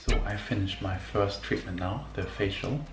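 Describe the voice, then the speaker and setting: A man vlogging in a relaxed, chatty way, full of ums and small laughs, speaking outdoors in a park. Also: deep voice, moderate pace, reverberant, music in the background. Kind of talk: casual vlog talk.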